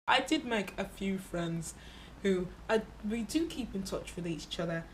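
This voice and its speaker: A woman telling a casual travel vlog story, candid and expressive, swearing freely and acting out the people she met. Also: medium pitch, a little slow, slight background noise. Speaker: travel vlogger.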